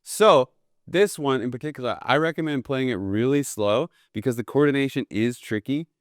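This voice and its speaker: A man teaching a jazz drum lesson in a relaxed, eager way, often checking in with "right?" between drum examples. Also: medium pitch, moderate pace, no room sound, clean studio sound. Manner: casual, enthusiastic, keeps asking "right?". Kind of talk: instructional video lesson. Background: drum kit played between phrases.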